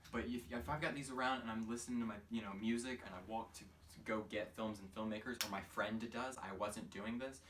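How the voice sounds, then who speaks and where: A young man in a rambling, sarcastic comedy monologue, mocking himself as he talks in his own room. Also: fairly low pitch. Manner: sarcastic, self-mocking, fast and scattered. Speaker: comedic vlogger. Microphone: phone camera. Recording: voice a bit far from a phone mic, with faint noise.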